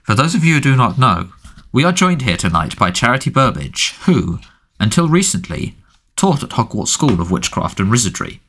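A quiet, cold dark lord, acted by a man reading aloud, whose soft voice drips with contempt. The voice sits high and rises and falls widely. Bright in tone and menacing throughout the storybook. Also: sing-song, moderate pace, husky, exaggerated voice.

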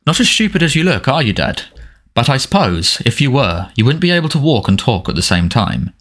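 A man's voice: medium pitch, sing-song, fairly quick, fairly bright tone, voice pushed up. A man doing a mocking teenage boy. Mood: taunting. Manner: mocking, sardonic. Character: sarcastic teenage boy, defiant and needling.

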